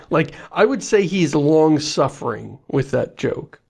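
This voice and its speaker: A man's voice: on the high side, lively intonation, slow pace, creaky, darkish tone, breathy edge. A man co-hosting a podcast in casual chat, jokey and self-mocking, laughing often. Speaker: podcast co-host.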